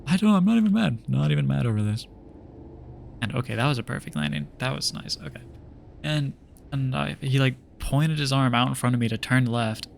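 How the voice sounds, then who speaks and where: Gravelly young man ranting mid-game. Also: medium pitch, animated, normal speed, slight background noise. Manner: rambling, exasperated, many fillers. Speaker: streamer. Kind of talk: casual storytelling while gaming.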